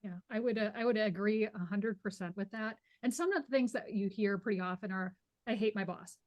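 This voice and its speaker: A woman speaking as a guest on a webinar panel, measured and explanatory. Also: mid-range voice, a little mellow.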